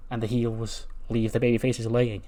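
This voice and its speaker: Guy narrating his wrestling sim run, chatty, mid pitch, keeps correcting himself. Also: level tone, normal speed, dark tone. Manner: chatty, laughs at own jokes, self-correcting. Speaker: game commentator.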